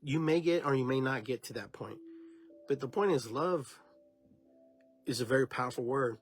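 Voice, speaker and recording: A man's voice: medium pitch, normal speed, soft background music. A man hosting a podcast, giving an unscripted spiritual talk in a meandering, reflective way with many restarts. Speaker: podcast host.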